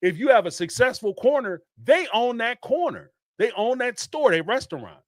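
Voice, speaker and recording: A man, hosting a podcast and ranting in an animated, emphatic way, with some swearing and repeated phrases. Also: extremely high pitch, normal speed, no room sound, clean studio sound. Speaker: podcast host. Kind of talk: casual commentary rant.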